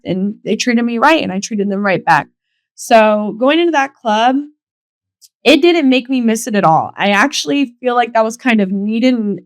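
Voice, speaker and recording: A woman's voice: on the high side, no echo. Young woman, solo podcast host, candid storytelling, swears a lot, dry close sound. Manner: candid, emotional, swears freely, acts out quotes.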